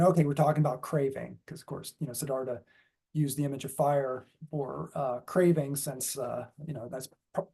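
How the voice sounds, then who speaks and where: A man's voice: on the high side, mellow. A man giving a dharma talk in a casual, rambling way with many fillers and restarts. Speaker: dharma speaker.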